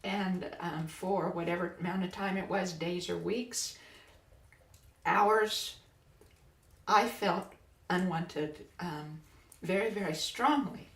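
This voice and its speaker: A woman podcast host and biofield tuner telling a personal spiritual story in a soft, earnest way, often halting and restarting. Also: fairly low pitch. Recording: roomy echo, distant from mic.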